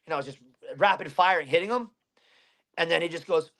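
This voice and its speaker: A man's voice: fairly high pitch, expressive, fast, fairly bright tone. A man in his thirties from Pennsylvania, a fighter telling a story in an interview, blunt and heavy with swearing.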